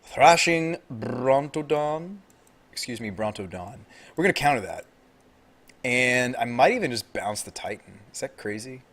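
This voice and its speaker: An American man calls his own card game live, chatting loosely with his viewers. When the match turns, he gets loud and shoots up in pitch, pleading at his opponent. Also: normal speed. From United States. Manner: excitable, talks to chat and opponent, gets loud and high when tense.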